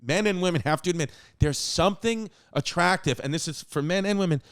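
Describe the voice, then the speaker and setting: A man with a slightly high-pitched voice hosts a podcast, tossing out teasing jokes and playful asides. His talk is loose and conversational, full of banter. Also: fairly quick, a bit bright. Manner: jokey, teasing, playful interjections. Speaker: podcast host. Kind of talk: casual podcast chat.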